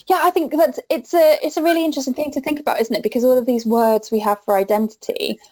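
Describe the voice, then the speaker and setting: A woman's voice: high-pitched, fairly even intonation, fast, mellow, low-quality recording. A woman hosting an interview, thoughtful and conversational, using tag questions. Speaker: interviewer host.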